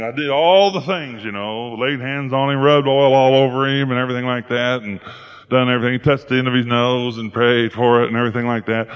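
A man's voice: mid-range voice, fairly quick, clean tone. Folksy preaching man, lo-fi. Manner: folksy storytelling, playful and animated. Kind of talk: sermon.

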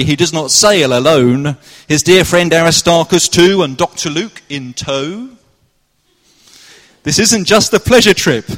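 Picture a jolly Cornish sea captain, put on by a man, declaiming the story in bouncing rhyme, pitched high and sing-song. The voice rings through an echoey hall with a long reverb tail. It has the emphatic swing of a live stage narration. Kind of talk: rhyming verse narration in a live church play.

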